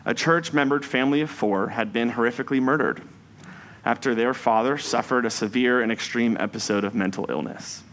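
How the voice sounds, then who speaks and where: A man preaching a Sunday sermon in a measured, reflective way, slowing down for emphasis on key phrases. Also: medium pitch, fairly bright tone, a little hiss or hum.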